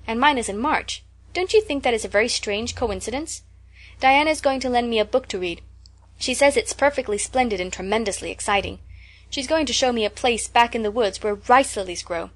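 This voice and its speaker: A woman's voice: fairly high pitch, lightly acted. A woman voicing an eager, dreamy orphan girl who chatters with gushing enthusiasm, in a storybook reading.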